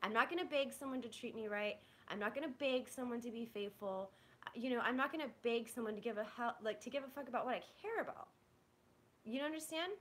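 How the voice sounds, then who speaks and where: Young woman vlogger, bright and high, candid frustrated venting with swearing. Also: brisk. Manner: rambling, blunt, profane, frustrated. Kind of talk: candid venting to a live audience.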